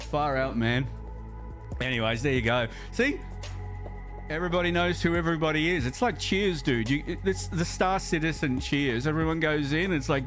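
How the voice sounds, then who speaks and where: Aussie guy streaming a game, chatty and rambly, mid-pitched voice, soft music in the background. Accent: Australian. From Australia. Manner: rambling, chatty, repeats words while thinking aloud. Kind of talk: casual gaming livestream chat.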